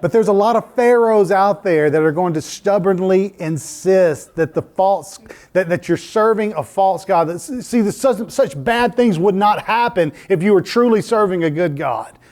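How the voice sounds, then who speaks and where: A pastor preaching a sermon in a church, telling a story in an animated way and laughing at himself. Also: male voice, sits high, moderate pace. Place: church sanctuary.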